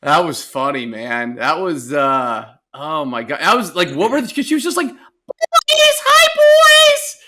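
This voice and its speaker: A young man co-hosting a podcast, giggly and excitable, acting out voices as he retells memories. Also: mid-range voice, normal speed, hardly any pauses. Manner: giggly, excitable, acts out voices while laughing. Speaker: podcast co-host. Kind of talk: casual chat.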